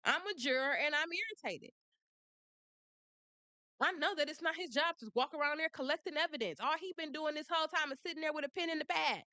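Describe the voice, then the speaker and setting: A woman's voice: high-pitched, fairly quick, pushed and bright, no echo. A woman giving blunt, sassy commentary on a trial, laughing often. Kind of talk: casual commentary.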